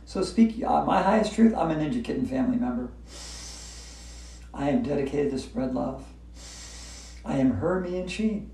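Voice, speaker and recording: A woman's voice: low-pitched, animated, normal speed, gravelly, long pauses, warm tone. A woman teaching a yoga class, upbeat, chanting repeated breathing cues and breaking into laughter. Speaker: yoga instructor. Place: hotel room. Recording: echoey room, voice from far off.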